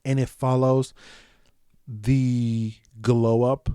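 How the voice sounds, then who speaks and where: A man's voice: mid-range voice, flat delivery, extremely slow, mellow, clear, resonant tone, dry recording, studio quality. A man from the United States hosting a solo podcast, talking in a loose, rambling, profane way with lots of restarts. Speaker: podcast host. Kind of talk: solo casual podcast chat.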